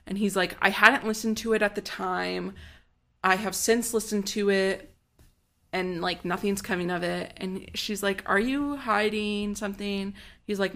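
A woman co-hosting a podcast, quickly and sardonically retelling a TV episode in casual chat. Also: mid-range voice, creaky, fairly bright tone. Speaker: podcast co-host.

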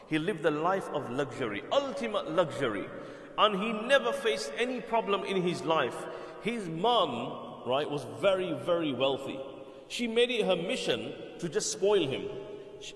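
A man's voice: on the high side, fairly bright tone. A man telling a religious story in a conversational lecture style, repeating words and checking in with his listeners. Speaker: Islamic preacher. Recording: echoey hall with long reverb.

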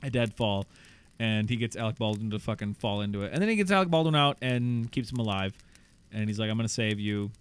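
A man chatting casually on a podcast as he walks through a film's plot. He rambles and restarts, swears freely, and acts out bits of dialogue with lively energy. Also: fairly low pitch, a little fast, clear, resonant tone. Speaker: podcast co-host. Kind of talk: casual movie recap chat.

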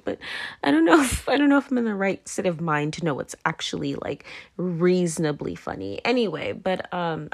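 A tipsy woman rambles through her own podcast, her low voice full of gravelly fry. She keeps dropping her thread with "anyway, moving on", laughing and slipping into whispers. It is loose, chatty solo talk. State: tipsy, drunk. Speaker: podcast host. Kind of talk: casual rambling monologue.

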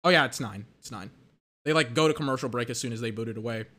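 A man giving live fan commentary on a game, excitable and exasperated, swearing and saying "like" often as he rants at the officials. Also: medium pitch, fast talker. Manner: excitable, exasperated, profane rant with filler "like".

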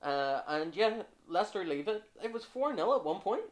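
Here the football podcast host has a high voice and speaks at normal speed. His chat stays casual and loose, heavy on fillers, with a swear or two whenever he's annoyed.

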